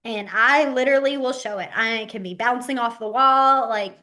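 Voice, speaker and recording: Female teacher, lively and giggly, acts out examples, slightly high voice, webcam call. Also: moderate pace. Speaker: sign language teacher. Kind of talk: online class instruction. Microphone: webcam mic on a video call.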